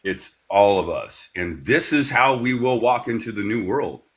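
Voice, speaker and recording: A man leading a spiritual class, talking in a meandering, unhurried way with many fillers and giving slow, soothing breathing cues. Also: on the low side, lively intonation. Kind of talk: guided breathing meditation class.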